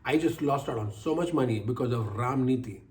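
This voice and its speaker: Older guy telling his own stories as life lessons, animated, keeps repeating lines for emphasis. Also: medium pitch, fairly quick. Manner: animated, acts out quoted voices, repeats phrases for emphasis. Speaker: speaker giving life lessons. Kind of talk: personal storytelling talk.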